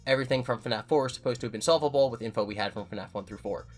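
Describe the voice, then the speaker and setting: A man's voice: mid-range voice, racing, faint music behind. Candid man talking things through. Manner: candid, self-correcting, talks things through. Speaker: YouTuber answering viewer comments. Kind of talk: casual commentary.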